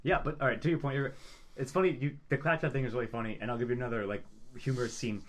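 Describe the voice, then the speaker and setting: A man co-hosting a casual podcast, rambling quickly with lots of fillers and acting out quotes. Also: mid-range voice, over a noisy crowd. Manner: fast, rambling, acts out quotes in animated voices. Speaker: podcast co-host. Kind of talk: casual chat.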